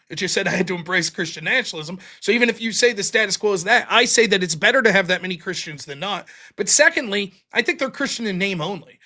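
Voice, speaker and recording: Lively high-voiced man recapping a debate. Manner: animated, mocking, quotes opponents in put-on voices. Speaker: debater and show host.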